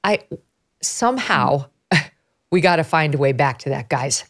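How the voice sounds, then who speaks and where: Low-voiced woman host, emphatic. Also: unhurried. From upstate New York. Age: 50s. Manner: animated, emphatic storytelling. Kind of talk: casual political talk.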